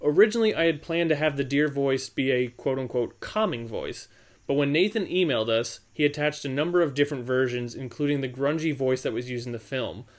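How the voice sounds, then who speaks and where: A man's voice: mid-range voice, a little fast. A man co-hosting a film podcast, talking casually and hesitantly with ums and repeated words. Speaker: podcast co-host. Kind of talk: casual chat.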